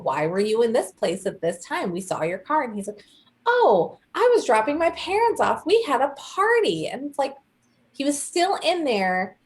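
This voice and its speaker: A young woman co-hosting a casual chat, telling a story with animated quoted voices. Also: medium pitch. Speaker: podcast co-host.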